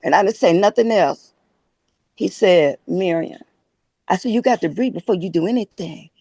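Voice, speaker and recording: A woman guest with a Chicago accent, telling a lively story and acting out the quoted dialogue. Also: on the low side, moderate pace, breathy edge, dry recording. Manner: animated, acts out quoted dialogue. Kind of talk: casual storytelling.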